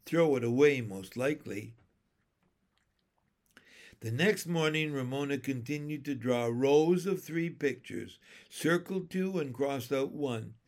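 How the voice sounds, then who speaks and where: A man's voice: mid-range voice, lively intonation, takes it slowly. Man reading a children's story. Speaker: narrator. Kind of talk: audiobook narration.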